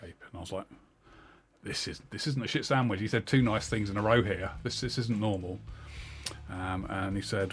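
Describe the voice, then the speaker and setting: With game music in the background, a middle-aged game streamer rambles through a profane story full of fillers in casual storytelling. He talks a little fast, in a low voice with a fairly bright tone.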